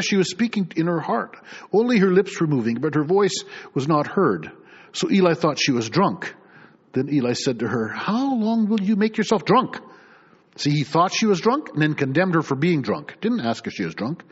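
A man's voice: fairly high pitch, normal speed, slightly rough. A middle-aged man preaching a sermon as pastor, reading scripture aloud and acting out the people in it. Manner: animated preaching, reads scripture aloud, acts out voices. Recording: dull lo-fi recording.

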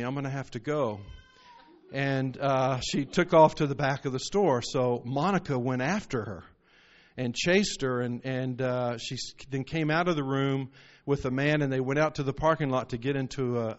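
A man's voice: medium pitch, moderate pace. A man preaching a sermon, telling stories and rising into emphatic bursts. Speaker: pastor. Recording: muffled lo-fi recording.

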